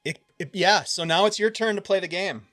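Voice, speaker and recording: Man, high and bright, chatty game master. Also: a little fast, dry recording, clean studio sound, faint music behind. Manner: loose and chatty, with frequent filler. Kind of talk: narrating a tabletop game.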